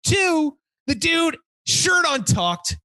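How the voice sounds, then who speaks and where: A man's voice: extremely high pitch, very slow, dry recording. A man in his thirties hosting a podcast, telling a story in casual chat, swearing and acting out the people in it. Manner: animated, swears a lot, acts out quoted people. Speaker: podcast host.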